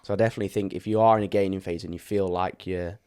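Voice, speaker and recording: A man's voice: low voice, steady tone, racing, dark tone, clean tone. A man, a fitness coach co-hosting a podcast, explaining training advice at length in a casual chatty way with fillers.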